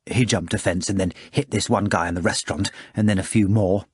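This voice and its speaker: A man voicing a timid, nervous young poet who speaks in a hushed, uneasy way. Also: low-pitched, steady tone, brisk, breathy edge, no room sound, clean studio sound.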